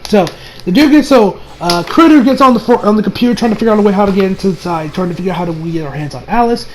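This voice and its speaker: A young man giving a casual, excitable anime review, swearing and laughing often. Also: high-pitched, rapid-fire, slight background noise.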